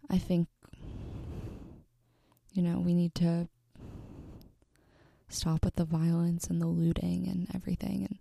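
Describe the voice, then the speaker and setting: Low, dark-toned young woman, gravelly. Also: flat delivery, no echo. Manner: earnest, halting, with many fillers and restarts. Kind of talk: personal storytelling to camera.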